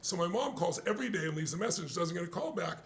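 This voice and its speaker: A man's voice: sits high, fast, vocal fry. An older man telling anecdotes with energy, acting out what others said in conversation. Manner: lively anecdotes, acts out quoted dialogue. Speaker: guest speaker. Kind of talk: animated storytelling in a conversation.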